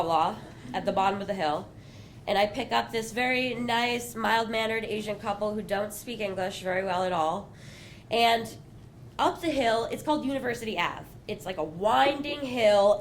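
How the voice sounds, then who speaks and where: A woman's voice: mid-range voice, slight background noise. A young woman telling a personal story on stage at a small bar, chatty and self-mocking, full of asides. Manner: conversational, self-mocking, full of "you know" and "like". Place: small bar venue with live audience.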